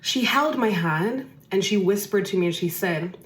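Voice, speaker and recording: A woman's voice: on the low side, takes it slowly, echoey room, slight background noise. A woman hosting a podcast, telling a personal story emphatically and repeating phrases for effect. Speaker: podcast host.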